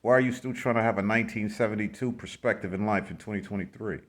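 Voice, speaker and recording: A man's voice: on the low side, fairly even intonation, fast. A man from the United States ranting in a blunt, slangy way to his vlog audience, repeating himself with exasperation. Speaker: vlogger. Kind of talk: casual ranting commentary.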